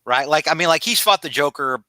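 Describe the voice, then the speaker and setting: A man's voice: on the high side, expressive, a little fast, bright, forceful tone, no echo. A man recapping a comic book on a podcast in a casual, rambling way, full of fillers and restarts, over a video call. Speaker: podcast host.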